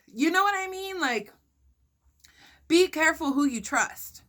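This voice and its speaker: A young woman vlogger telling a story to her viewers in a casual, animated and indignant way. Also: extremely high pitch, measured pace, long pauses. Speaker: mukbang vlogger.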